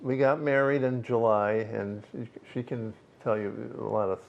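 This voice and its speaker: Older man, interview guest, halting speech, muffled lo-fi sound. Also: medium pitch, gravelly. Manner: halting, many fillers and pauses. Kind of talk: casual interview.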